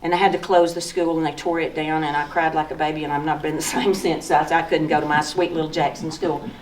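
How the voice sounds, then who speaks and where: Speaking fast with a deep voice and flat delivery, a woman in her sixties from East Tennessee shares folksy personal memories as she points at old photos during a museum slideshow talk. She's an author with a Southern accent, heard from far off in an echoey room with a little hiss or hum.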